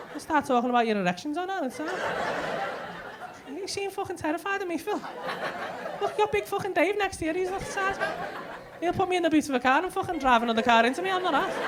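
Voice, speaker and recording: A man, a stand-up comedian doing crowd work in a club, brash and sweary as he teases the audience. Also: very high voice. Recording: loud noisy live club recording.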